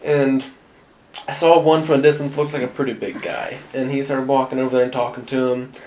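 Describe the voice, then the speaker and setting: A man's voice: mid-range voice, flat delivery, fairly quick, darkish tone, slight background noise. A man hosting a casual chat with friends, telling a long story with many fillers and restarts. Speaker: podcast host. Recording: roomy echo.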